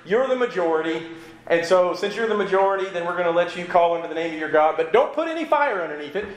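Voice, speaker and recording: Casting: man doing a mocking old prophet, high, sarcastic and taunting, echoey room. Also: lively intonation, fast talker. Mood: calm challenge.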